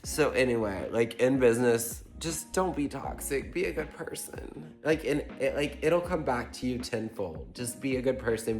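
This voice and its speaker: A man from Tennessee telling a storytime vlog in a chatty, animated way, with lots of "like". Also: fairly low pitch. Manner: chatty, animated, heavy use of "like". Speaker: vlogger. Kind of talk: casual storytime chat. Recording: roomy echo with faint music.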